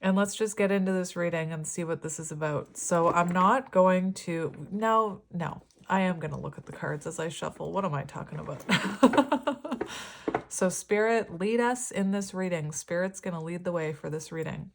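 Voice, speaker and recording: A woman giving a casual, rambling tarot reading, chatting warmly and laughing often. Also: on the low side, normal speed, vocal fry. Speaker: tarot reader.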